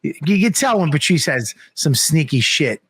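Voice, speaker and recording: A middle-aged man telling animated, profane stories on a comedy podcast. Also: fairly high pitch, moderate pace, slight background noise. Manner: animated, profane, acts out voices in his story. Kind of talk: casual storytelling on a comedy podcast.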